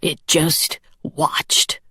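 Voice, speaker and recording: A woman's voice: extremely slow, bright, forceful tone, no room sound, whispered, studio quality. A woman voicing a nervous, eager-to-please male monster underling who speaks anxiously and sometimes indignantly.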